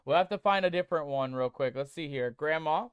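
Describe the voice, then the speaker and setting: Streaming a game, a man playfully and casually chats with his "mateys," reading their messages aloud and testing text-to-speech voices. His voice is on the high side, smooth, and a little fast, recorded with no room sound and a lo-fi feel.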